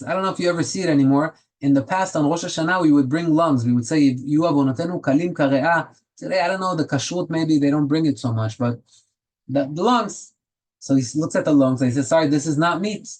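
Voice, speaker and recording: A man's voice: fairly high pitch, darkish tone, rough recording. A man teaching a Torah class, telling stories and asking rhetorical questions, with Hebrew terms woven into his English.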